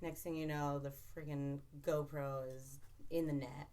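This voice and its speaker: Low-voiced woman fishing captain telling stories. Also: unhurried. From Alaska. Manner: animated, laughing, lots of "like" and quoted speech. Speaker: commercial fishing captain, podcast guest. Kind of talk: casual storytelling.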